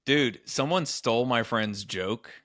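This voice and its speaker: A man co-hosting a podcast, telling an animated story in a casual chat. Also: measured pace. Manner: animated storyteller, acts out quoted people in higher voices. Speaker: podcast co-host, comedian.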